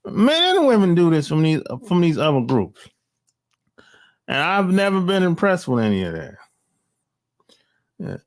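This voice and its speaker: Slow, animated man ranting. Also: a little high. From United States. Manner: slangy, blunt, drawn-out delivery with mocking asides. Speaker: vlogger. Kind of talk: casual opinion monologue. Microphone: cell phone.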